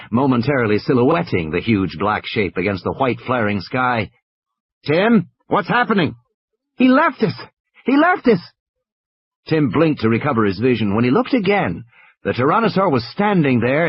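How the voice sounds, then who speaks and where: A man's voice: mid-range voice, slight background noise. A man reading a story aloud with dramatic narration. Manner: dramatic, with tense swings in pace. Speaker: audiobook reader. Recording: dull lo-fi audio.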